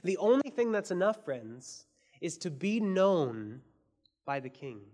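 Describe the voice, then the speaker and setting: A man preaching a sermon as pastor, earnest, asking his listeners questions and swinging between soft and emphatic delivery. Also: sits high, very animated, measured pace. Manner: asks the audience many questions.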